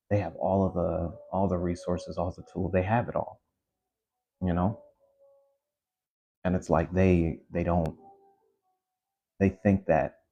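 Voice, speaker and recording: A man with a deep, husky voice rants through a casual monologue on his own show. He talks in heated bursts, restarting sentences and throwing in asides. His tone stays dark and mellow, and the recording sounds dull and lo-fi. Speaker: podcast host.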